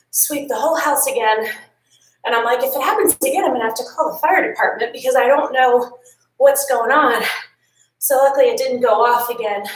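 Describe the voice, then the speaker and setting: A woman's voice: a little high, recorded from a distance. A woman leading a home workout, chatty and encouraging, swapping stories between exercise cues, tired and yawning. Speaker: fitness instructor. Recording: echoey room, voice a bit off-mic.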